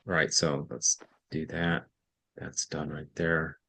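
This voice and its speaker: A man's voice: extremely low pitch, flat delivery, slow, pushed and bright, slightly rough. A man tutoring a student in reading over an online session, explaining step by step in a patient, thinking-aloud way with frequent self-corrections.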